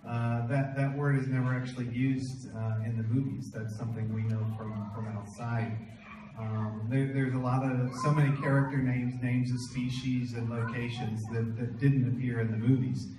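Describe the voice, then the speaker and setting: A man co-author taking audience questions at a live panel, speaking slowly and stopping often to find his words. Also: medium pitch, little pitch movement. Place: large event room with an audience. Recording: echoey room, distant mic, faint noise.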